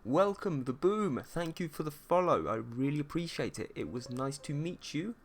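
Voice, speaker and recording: The host, an Englishman with a posh British accent, runs a casual art livestream where he chats with and playfully teases his audience. He speaks at a normal speed with a fairly high pitch and lively intonation.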